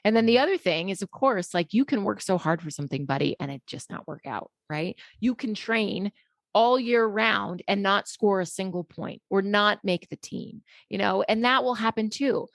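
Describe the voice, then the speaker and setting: A middle-aged woman, a psychologist guest, telling a personal story candidly in a relaxed interview. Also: medium pitch, moderate pace, no room sound, studio quality. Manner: candid, conversational, many fillers.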